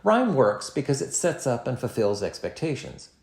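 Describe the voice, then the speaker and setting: Male lecturer, measured scripted delivery with animated pitch, recorded in an echoey room. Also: creaky. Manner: measured, expressive reading with dramatic poetry recitals. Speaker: literature lecturer.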